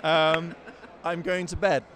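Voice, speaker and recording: Man, interviewer, cheerful, bright forceful tone, somewhat high. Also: flat delivery, slight background noise. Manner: cheerful, quick to laugh. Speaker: interviewer quizzing on British slang. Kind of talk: casual interview game. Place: outdoors at a convention.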